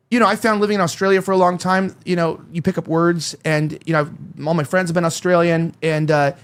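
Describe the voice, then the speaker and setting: A man hosting a casual panel talk, rambling with many fillers and restarts, from Los Angeles. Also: high-pitched. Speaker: host.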